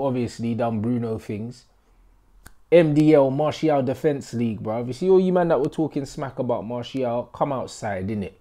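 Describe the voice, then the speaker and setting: Slangy young man, mellow voice. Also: mid-range voice. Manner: excitable, slang-heavy banter. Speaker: football fan vlogger. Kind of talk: casual match reaction vlog. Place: indoor room in a flat being moved out of.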